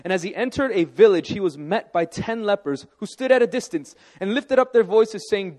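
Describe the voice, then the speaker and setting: High-voiced pastor preaching in a hall. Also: male voice, normal speed, hardly any pauses. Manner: animated, conversational preaching with asides to the congregation. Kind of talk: sermon.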